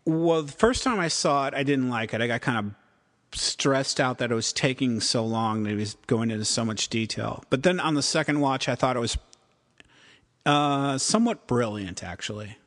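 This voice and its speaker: A man's voice: mid-range voice, moderate pace, fairly bright tone, big-room sound. A man co-hosting a casual chat about TV episodes, rambling and acting out quotes. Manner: rambling, acts out quotes, frequent "like". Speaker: podcast co-host.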